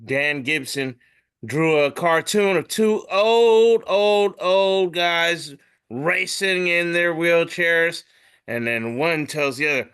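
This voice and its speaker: Male podcast host, bright and clear, animated delivery full of put-on caption voices. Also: a little high, slow pace. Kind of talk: casual chat describing memes aloud.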